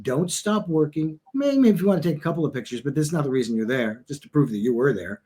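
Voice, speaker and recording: A man's voice: on the high side, fast talker, husky. A man from Westchester with a New York accent, telling stories as an interview guest. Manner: animated storyteller, acts out quotes. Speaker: guest, actor and writer. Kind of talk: interview chat.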